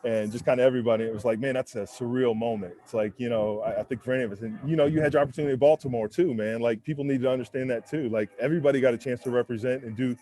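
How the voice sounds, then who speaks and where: A man's voice: mid-range voice, fairly even intonation, racing, few pauses, mellow. A man in his forties, a former pro football lineman, tells candid stories in a casual interview on a windy rooftop. He talks in a laid-back way with plenty of "man" and "you know", and acts out other people's lines. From United States. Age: 40s.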